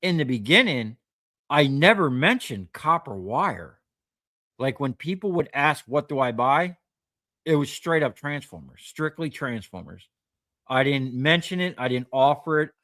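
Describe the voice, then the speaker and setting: A man's voice: mid-range voice, big pitch swings, unhurried, pushed and bright, no echo, studio quality. A man, a scrap metal recycler, telling rambling anecdotes on a livestream, full of fillers and quoted dialogue. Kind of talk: casual storytelling on a livestream.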